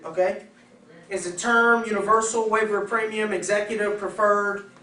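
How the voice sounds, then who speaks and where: Male sales trainer, high voice, animated and coaching, recorded far off in an echoey room. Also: moderate pace. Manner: animated, acts out customer dialogues.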